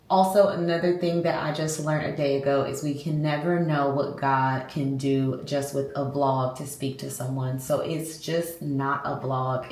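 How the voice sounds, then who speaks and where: Low-voiced woman in an echoey room. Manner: warm, heartfelt, faith-filled and chatty. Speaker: lifestyle vlogger. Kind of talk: casual vlog talk to camera. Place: room at home.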